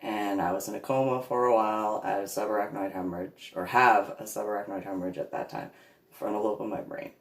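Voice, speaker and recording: A woman's voice: rumbling low, quick pace, roomy sound. A woman telling a long personal story in a rambling, casual way, laughing along and acting out what others said. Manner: laughs at her own story, acts out others' voices.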